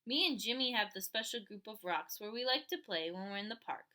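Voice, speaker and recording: Animated woman reading a children's book. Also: medium pitch, a little fast. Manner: animated storytelling with voiced characters. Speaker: audiobook reader. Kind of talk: reading a children's novel aloud.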